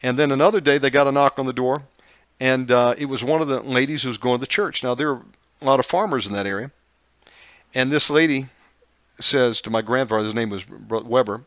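A man's voice: medium pitch, brisk, fairly bright tone, no echo, highs cut off. A man hosting a Christian talk show, telling a family story casually with many fillers and restarts. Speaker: show host.

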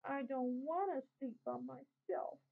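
A woman's voice: high-pitched, measured pace, vocal fry, voice pushed up, full character voice. A woman voicing a frightened little boy who talks in a small timid voice. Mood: scared pleading. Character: little boy, scared and clingy. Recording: tinny phone-like sound.

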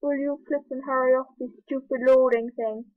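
A woman's voice: sits high, steady tone, normal speed, no room sound. A woman chatting casually over a screen recording, rambling and jittery, with frequent gasping exclamations, recorded on a computer mic. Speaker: video creator. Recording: tinny phone-like dry recording.

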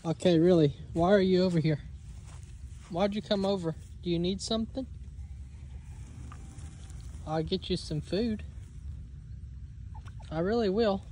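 A man's voice: sits high, measured pace, pauses often, mellow, slight background noise. A man vlogging outdoors on his homestead, joking, laughing and exasperated as he talks to his animals. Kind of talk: casual vlog narration to camera. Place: outdoors on a homestead, in and around a chicken coop.

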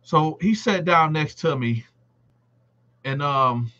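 Bright-voiced man telling a prison story. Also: a little high, slow, muffled recording. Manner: animated, acts out other inmates' quoted lines. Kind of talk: casual storytelling to a live audience.

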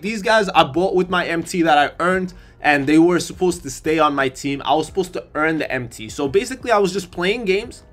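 A young man doing casual gameplay commentary for his channel, energetic and sarcastic, and he bursts into loud excitement. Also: fairly high pitch. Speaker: gaming YouTuber.

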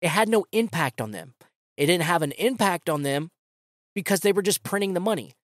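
A man's voice: high-pitched, lively intonation, brisk, no room sound, clean studio sound. A man hosting a political commentary podcast, ranting in a sarcastic, casual way with slang. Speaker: podcast host.

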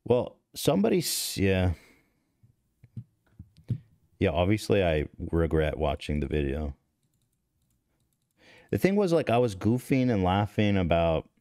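A thirty-something man with a low, dark voice hosts a podcast and tells his stream chat a casual story. It's rambling, profane, and self-deprecating, with repeated restarts, and the recording is dry and cleanly studio-made.

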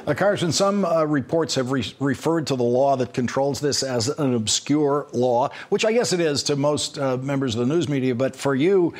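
A man's voice: medium pitch, lively intonation. Male cable news host. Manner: measured, explanatory, with frequent restarts in questions. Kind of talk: cable news monologue and interview.

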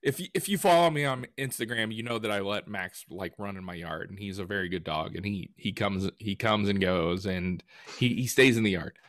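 A man co-hosting a podcast in casual chat, telling stories with lively retellings. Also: lowish voice, brisk, no room sound, clean studio sound. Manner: animated storyteller who acts out quotes. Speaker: podcast co-host and woodworker.

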